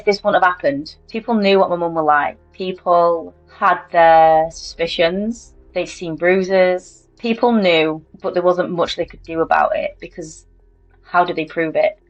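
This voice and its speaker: A woman with a lowish voice talks candidly through her own story in an interview. Her delivery is chatty and full of fillers. The recording is dull and lo-fi, with faint music underneath.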